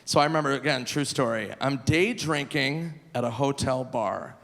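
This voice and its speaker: A man in his forties performing a live stand-up comedy set, animated and loose, breaking into squealing high voices for punchlines. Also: moderate pace. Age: 40s. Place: large theater stage. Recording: live venue with long reverb, faint noise.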